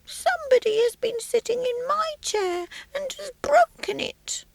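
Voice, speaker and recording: A woman voicing a small baby bear from a children's storybook in a very high, squeaky baby voice. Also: expressive, a little slow, creaky, darkish tone, no echo, heavily acted, poor audio. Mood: whiny.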